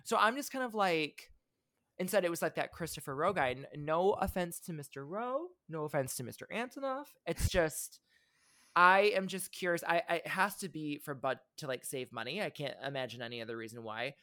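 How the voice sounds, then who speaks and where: A man's voice: fairly high pitch, expressive, brisk, bright, forceful tone. Rambling man co-hosting a pop podcast. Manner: rambling, restarts often, passionate fan opinions. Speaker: podcast co-host. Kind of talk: casual pop culture chat.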